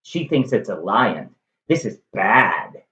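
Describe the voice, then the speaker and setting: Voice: low voice, big pitch swings, takes it slowly, a bit bright, reverberant, highs cut off, voice pushed down, full character voice. A storyteller voicing a worried messenger reporting bad news in a retold stage tragedy. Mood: grim.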